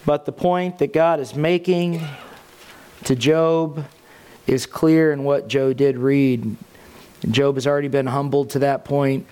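Guy preaching a sermon, kinda chatty with ums and asides, smooth clear voice. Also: medium pitch, fairly even intonation, takes it slowly, a little mellow. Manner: conversational preaching with asides and fillers. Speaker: pastor.

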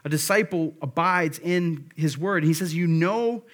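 A man's voice: a little high, measured pace. A man preaching a sermon in a conversational way, paraphrasing scripture in a casual voice and pressing home his points with emphasis. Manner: frequent restarts and fillers, then builds to emphatic points. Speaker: pastor.

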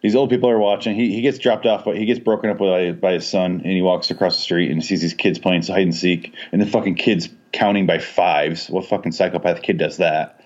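A man's voice: deep voice, a little fast, hardly any pauses. A man co-hosting a podcast, chatting casually about a movie, cursing freely and laughing often. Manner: profane, laughing, animated storytelling. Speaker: podcast co-host. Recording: dull lo-fi audio.

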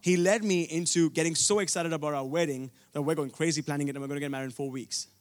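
A man's voice: fairly high pitch, fairly even intonation, quick pace. A young man from India preaching a sermon, telling a personal story earnestly, with frequent restarts.

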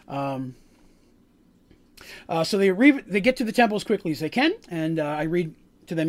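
High-voiced rambling game master. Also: male voice, lively intonation, moderate pace, pauses often. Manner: rambling, many fillers and asides. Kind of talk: recapping a tabletop game.

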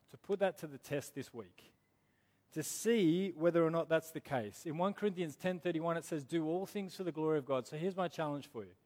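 A man's voice: fairly high pitch, a little mellow. Earnest man preaching in a hall. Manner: earnest, emphatic, slows down on key words. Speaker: pastor. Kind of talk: sermon. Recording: long hall reverb.

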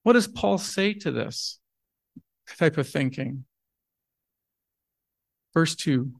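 A man's voice: on the high side, animated, takes it slowly, creaky, long pauses, no room sound. A man preaching a sermon in an earnest, emphatic way, asking rhetorical questions and then answering them. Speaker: pastor.

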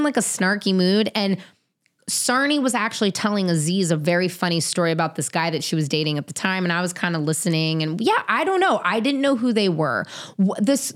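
A woman from the San Francisco Bay Area telling stories in a casual chat, animated and profane. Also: mid-range voice. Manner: profane, animated storytelling with shouted quotes. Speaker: guest.

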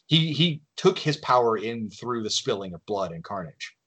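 Husky man explaining game lore. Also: mid-range voice, big pitch swings, moderate pace, a bit bright. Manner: enthusiastic, explains lore with frequent restarts. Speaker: game designer guest. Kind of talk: casual podcast chat.

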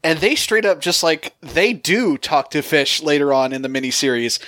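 A podcast co-host chatting casually, with a halting, chatty delivery. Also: mid-range voice, expressive, fairly bright tone. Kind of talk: casual chat.

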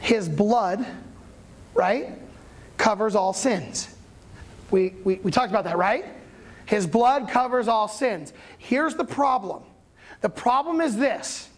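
A pastor preaches casually, retelling an old story in everyday language. The delivery is animated and conversational, with frequent check-ins to the listeners. It sounds like a friendly sermon rather than a formal one. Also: medium pitch.

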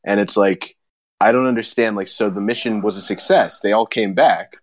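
A man's voice: on the low side, moderate pace, no room sound. A man chatting loosely with friends, laughing often and talking in a casual, swearing way.

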